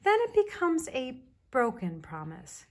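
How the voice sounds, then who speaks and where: A woman voicing a patient mother bear in a children's storybook reading, calm and reassuring as she kindly explains things, with a breathy voice. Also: high voice, unhurried, voice pushed up, heavily acted. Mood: gentle, reassuring.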